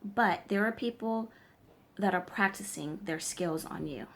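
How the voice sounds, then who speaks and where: Fairly low in pitch, her voice moves at a measured pace. She works as a tarot reader and spiritual practitioner, and in this direct-to-camera advice vlog she lectures emphatically while frequently checking in with the audience.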